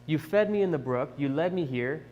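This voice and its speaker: A man's voice: fairly high pitch, lively intonation, brisk, darkish tone, muffled recording, lightly acted. A man voicing a prophet pleading with God in bewildered questions, in an echoey church hall.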